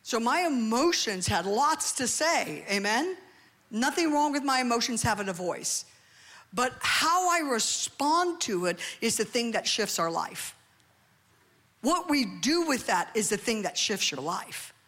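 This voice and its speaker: A woman's voice: on the high side, a little slow. Woman preaching in a reverberant hall. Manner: animated preaching, asks the congregation for amens. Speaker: pastor. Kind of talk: sermon. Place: church hall. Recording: long reverb of a large hall.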